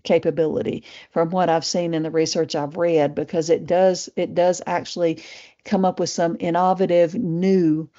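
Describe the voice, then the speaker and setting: A woman's voice: lowish voice, little pitch movement, normal speed, dark tone. Chatty Southern Appalachian woman presenting. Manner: chatty, many fillers and restarts. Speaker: webinar presenter. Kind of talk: casual live webinar presentation. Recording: muffled lo-fi webinar audio.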